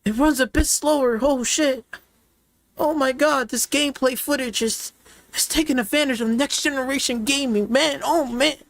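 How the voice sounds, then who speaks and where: A squeaky, whimpering console fanboy, as a man puts him on to mock him. The fanboy's voice jumps well above his usual pitch, and he sounds sarcastic and overdramatic. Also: moderate pace, creaky, a bit bright, no room sound, exaggerated voice. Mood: mock-whining. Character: whiny mocking male console fanboy.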